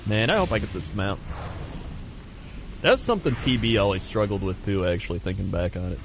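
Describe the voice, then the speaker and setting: Gravelly, lively male streamer. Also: brisk, noisy background. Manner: chatty, animated, mimics people in high voices. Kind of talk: casual chat while gaming.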